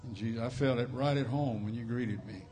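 A man with a Cajun accent delivers a sermon from a church pulpit, folksy and joking, often repeating himself. His voice sits in a middle pitch. The church microphone carries a long, reverberant hall echo. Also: a little fast, mellow, soft background music. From Louisiana Cajun country. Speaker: visiting preacher. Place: church sanctuary.

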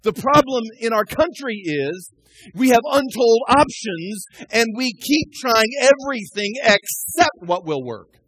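A man preaching a sermon as a pastor, impassioned, swinging from shouts down to low, quiet passages. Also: expressive, unhurried, husky, no room sound, poor audio.

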